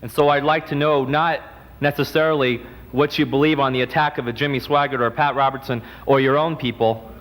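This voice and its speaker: A man with a mid-pitched voice puts a question from the floor of a public debate. He speaks in a measured, deliberate way, and his words echo with the long reverb of a large hall. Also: steady tone, a bit bright. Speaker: audience questioner.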